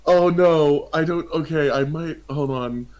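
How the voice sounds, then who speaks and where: A man playing a tabletop game, giggly and excitable, describing his character's actions. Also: on the high side, a little slow. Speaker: player. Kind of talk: casual tabletop play.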